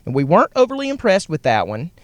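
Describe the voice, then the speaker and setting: A man's voice: wildly swooping pitch, fast talker, no echo. A man hosting a podcast, recapping a family trip in a rambling, chatty way while riding in a car. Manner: rambling, chatty, self-correcting. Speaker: podcast host. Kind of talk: casual travel recap. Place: car on the road. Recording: faint road noise. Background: faint vehicle rumble.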